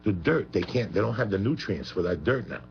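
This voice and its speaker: A man's voice: deep voice, lively intonation, brisk, creaky. A man talking as a guest on a radio show, rambling, profane and emphatic. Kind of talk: heated profane talk radio chat. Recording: muffled radio broadcast with faint hum.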